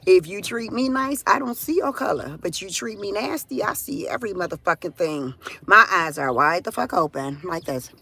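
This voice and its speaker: A middle-aged woman hosting a casual live stream, talking loudly and profanely in an animated rant from outdoors near a car on her phone. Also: mid-range voice, moderate pace, gravelly, breathy edge. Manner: loud, profane, animated ranting. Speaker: livestream host.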